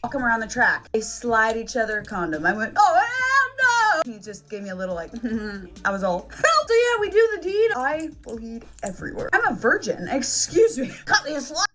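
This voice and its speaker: High, lively woman telling a wild story. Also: brisk, few pauses. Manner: expressive, swearing, laughing through the story. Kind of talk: animated storytelling clip.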